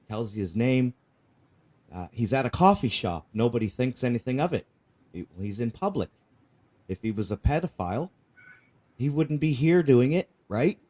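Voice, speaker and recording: Telling his own testimony, a male guest is candid and earnest, frequently repeating things and tagging on "right?". His voice is mellow and medium in pitch.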